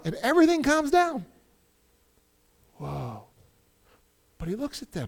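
Animated middle-aged male pastor preaching. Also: very high-pitched, a little slow, long pauses. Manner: animated storytelling, acting out quoted voices. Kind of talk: sermon.

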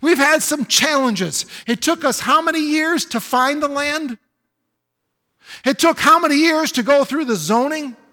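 A man's voice: very high voice, unhurried, bright, forceful tone, long reverb tail. A man pastor preaching a sermon, building to emphatic exclamations. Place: church sanctuary.

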